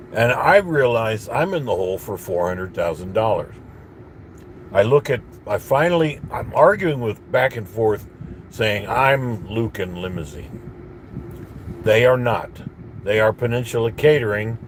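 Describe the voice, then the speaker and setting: Bitter rambling man, low-pitched. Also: animated, unhurried, pauses often, slight background noise. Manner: bitter, rambling rant with restarts. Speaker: vlogger. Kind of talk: casual monologue to camera.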